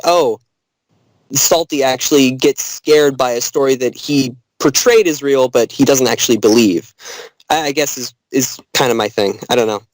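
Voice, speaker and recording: A man's voice: medium pitch, dry recording, rough recording. A man hesitantly brainstorming an episode idea, searching for words with many fillers. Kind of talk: casual brainstorming.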